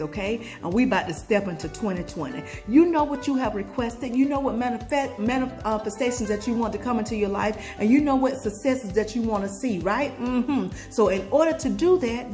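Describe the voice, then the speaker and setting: A woman from Georgia, USA, with a Southern accent, delivers a motivational pep talk as a vlogger, preaching to viewers, throwing out call-and-response questions, and singing snippets. Her voice is fairly high, brisk, and a little mellow, with lively intonation and faint music in the background.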